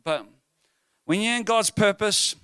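Kiwi pastor preaching, bright forceful voice, dry close sound, funny stories. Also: male voice, high-pitched, unhurried, clear, resonant tone, no room sound. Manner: humorous, animated storytelling. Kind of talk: sermon with personal stories.

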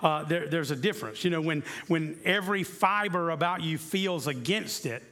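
A man preaching a sermon as a pastor. He talks earnestly, repeating key phrases and slowing down to stress them. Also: on the high side, sharp tone.

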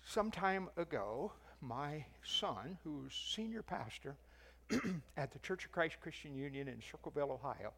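An older man gives a sermon in the easy tone of a teacher telling a story. His voice sits a little high for a man. He leans into the quoted lines. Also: big pitch swings, measured pace, vocal fry, a bit bright. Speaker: preacher and teacher.

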